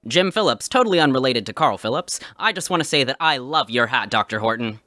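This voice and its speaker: A petty, fawning reporter in a comedy sketch, played by a man. His voice is bright and forward. It is recorded close and dry. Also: medium pitch, lively intonation, fast, dry recording.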